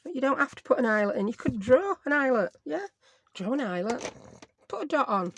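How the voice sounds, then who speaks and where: A woman's voice: high-pitched, big pitch swings, fairly quick, breathy edge. A woman with a Yorkshire accent chatting casually through a craft tutorial at her desk, self-mocking and dropping in dialect words. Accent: Yorkshire English. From Yorkshire, England. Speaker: craft vlogger.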